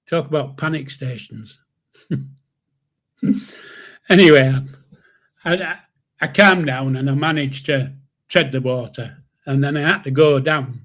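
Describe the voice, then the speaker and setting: An older man hosting a live stream, telling a story in a rambling, chuckling way with mild swearing. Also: on the high side. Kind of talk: casual storytelling.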